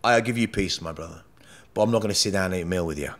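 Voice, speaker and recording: A man's voice: deep voice, rapid-fire, fairly bright tone. A man speaking as a podcast guest, telling a personal story in a candid, blunt and emotional way, with frequent swearing and rambling asides.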